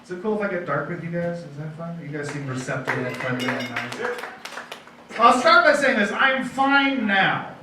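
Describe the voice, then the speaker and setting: Self-deprecating comedian in an echoey bar. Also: male voice, fairly high pitch, very animated, fairly quick, distant mic. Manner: self-deprecating, rambling with restarts. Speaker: stand-up comedian. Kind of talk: stand-up comedy set. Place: comedy night in a donut bar. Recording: very echoey room, mic heard from afar, faint noise.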